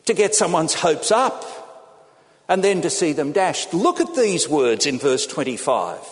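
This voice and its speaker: A man preaching a sermon, animated and acting out the people he quotes. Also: a little high, unhurried. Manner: animated, acts out quotes in changing voices. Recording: long hall reverb.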